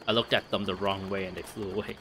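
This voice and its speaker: Give me a man with a lowish, bright voice giving rambling gameplay commentary. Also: little pitch movement, fast, a little hiss or hum. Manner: rambling and easily distracted, with frequent laughs. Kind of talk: casual let's play commentary.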